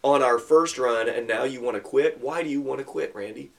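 A man's voice: mid-range voice, a little fast, gravelly, lightly acted. A man voicing an exasperated football coach pleading with his best runner not to quit. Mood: incredulous. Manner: urgent, incredulous questioning.

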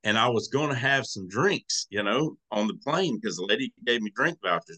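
A man's voice: medium pitch, expressive, normal speed, bright, forceful tone. A man with a Southern country accent, a podcast guest telling a personal story in a folksy way, acting out the voices he quotes. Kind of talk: casual storytelling.

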